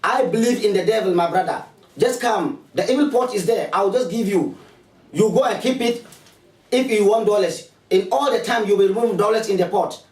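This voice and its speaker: Ghanaian man, high-pitched, preachy and repetitive, coaxing pitch, echoey room. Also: moderate pace, a little mellow, recorded from a distance. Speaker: spiritualist advertising his services. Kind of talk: promotional appeal to viewers.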